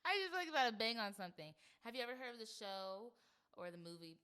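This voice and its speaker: Animated young woman chatting on a podcast. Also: on the high side, fast talker, smooth. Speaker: podcast host. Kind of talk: casual chat.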